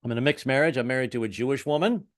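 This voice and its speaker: He talks very fast at a medium pitch: a stand-up comedian in his fifties, doing a self-deprecating bit on a video call full of wry zingers and stammered restarts. An American, he has lived in different places, including the South.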